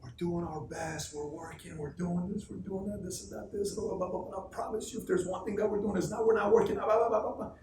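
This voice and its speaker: Weepy pleading employee, a man sending her up, raised pitch, quiet, far mic. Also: fairly even intonation, fairly quick, hardly any pauses, a little hiss or hum. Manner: higher, hushed, pleading. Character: tearful woman pleading her effort. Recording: echoey room, distant mic.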